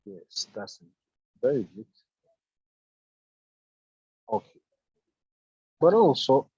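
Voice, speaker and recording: A man teaching an online English grammar lesson, explaining step by step with halting restarts. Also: mid-range voice, dry recording. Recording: dull lo-fi dry sound.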